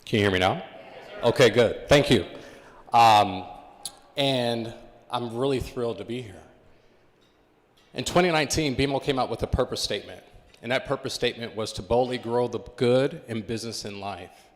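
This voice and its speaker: Male keynote speaker, mid pitch, engaging and interactive, long hall reverb. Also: normal speed. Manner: engaging, quizzes the audience. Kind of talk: motivational talk to a live audience. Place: conference hall with live audience.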